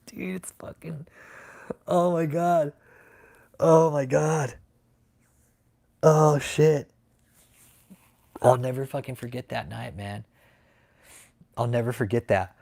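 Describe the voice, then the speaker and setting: A man's voice: mid-range voice, steady tone, takes it slowly, gravelly, long pauses, a little mellow. A man hosting a livestream, ranting in a mocking, profane way, often breaking into laughter and rambling. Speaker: livestream host. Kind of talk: casual profane livestream rant.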